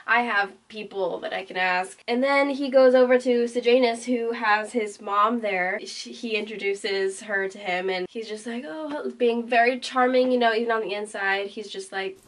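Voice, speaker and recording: A woman's voice: a little high, steady tone, moderate pace, hardly any pauses. A woman casually retelling a book's plot, chatty and full of "like"s. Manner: chatty, many "like"s, conversational retelling. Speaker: book recap vlogger. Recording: voice a bit distant from mic.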